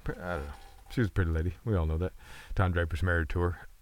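A man's voice: low-pitched, steady tone, racing, no echo. A man hosting a casual chat, telling loose, profane, rambling stories with frequent restarts.

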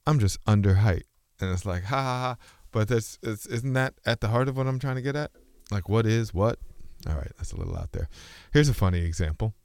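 A man with a medium-pitched, clear and resonant voice talks a little fast to camera, his intonation lively. In this casual, rambling monologue he muses aloud, often stopping mid-thought to restart and switching between speech registers. The recording is dry.

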